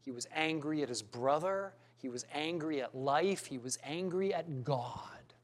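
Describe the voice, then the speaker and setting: A man preaching a sermon, earnest and questioning, with dramatic pauses and some restarts. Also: on the high side.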